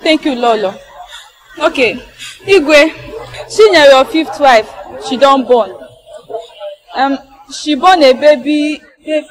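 A man's voice: extremely high pitch, takes it slowly, long pauses, in a large hall, a faint crowd, poor audio. An actor playing a nervous messenger who brings the king news, apologetic and hesitant, speaking Nigerian Pidgin English. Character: nervous male palace messenger.

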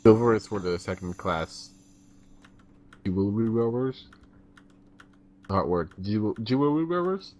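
A man's voice: lowish voice, animated, a little slow, pauses often, darkish tone. A man chatting casually while gaming, playful, often laughing and tripping over his words. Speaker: gamer.

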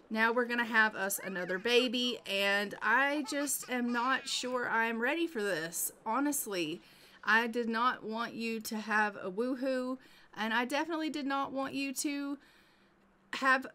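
A woman offers casual let's-play commentary on a life-simulation game, chatting directly to the characters as she plays. Her voice is a little high, pushed and bright.

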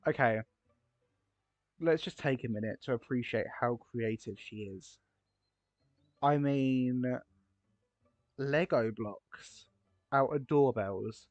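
A man's voice: mid-range voice, dry recording, soft background music. Brief: man, gushing gameplay commentator, mid-range voice, dry and slightly muffled recording. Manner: excitable and gushing, quick gasps and exclamations. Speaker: game video creator touring player builds.

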